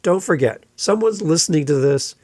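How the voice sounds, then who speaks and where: A man hosting a solo podcast, giving energetic, playful advice and sometimes mimicking listeners in silly voices. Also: on the high side, moderate pace, dry recording, clean studio sound. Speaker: podcast host.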